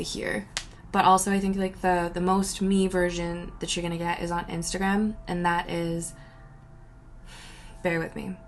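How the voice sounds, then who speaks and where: Young woman, home Q&A vlog, rambly and giggly, drops to whispers, vocal fry, faint room noise. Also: medium pitch. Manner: rambling, giggly, self-interrupting, often trailing into soft whispers. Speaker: vlogger answering viewer questions. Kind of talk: casual solo Q&A chat. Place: at home by a window.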